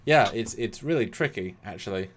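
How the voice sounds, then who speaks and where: Animated British man reviewing an episode. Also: on the low side, moderate pace, slight background noise. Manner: animated, acts out quotes, swings loud and soft. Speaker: podcast co-host. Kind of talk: casual review chat.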